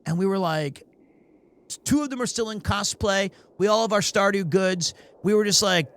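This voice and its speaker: A man streaming a game, telling a long rambling anecdote in a casual, animated way, often restarting his sentences. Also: high-pitched, moderate pace, smooth. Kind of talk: casual storytelling while playing a game.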